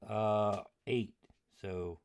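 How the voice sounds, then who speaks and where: Slow, low-voiced man playing a tabletop game. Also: steady tone, a little mellow, clear, resonant tone. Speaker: player. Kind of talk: tabletop role-play, in character.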